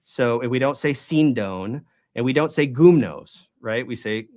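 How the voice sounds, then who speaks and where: On his Bible study channel, this man argues forcefully through a lengthy explanation of how Greek is pronounced, often pausing to make sure the listener follows. He talks fast in a steady, mid-range voice.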